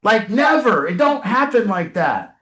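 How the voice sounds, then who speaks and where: A man's voice: sits high, big pitch swings, a little slow, fairly bright tone. A man leading a recovery group session, coaching members in a blunt, emphatic way with casual swearing. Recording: roomy echo.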